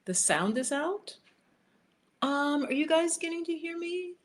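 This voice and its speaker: A woman hosting a livestream, chatting with viewers and reading cards for them, sometimes dropping to a soft whisper while she shuffles. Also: high voice, expressive, measured pace. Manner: chatty, riffing, addresses viewers by name. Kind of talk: casual live chat with tarot readings. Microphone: headphones.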